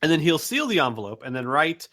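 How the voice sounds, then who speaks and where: A man takes part in a tabletop game as a player, talking in a bright voice with a lively rise and fall. He is easygoing, describes his character's actions, and laughs along. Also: a little high, quick pace. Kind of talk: tabletop role-play chat.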